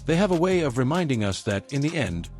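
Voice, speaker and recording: A man reading scripted documentary narration in a reflective, measured way. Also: mid-range voice, big pitch swings, a little mellow, faint music behind.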